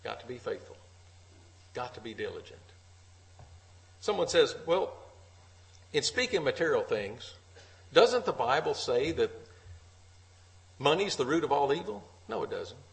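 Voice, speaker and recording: A man's voice: medium pitch, expressive, a little slow, gravelly, pauses often, low-quality recording. A man preaching an earnest sermon at a church meeting, repeating key phrases for emphasis.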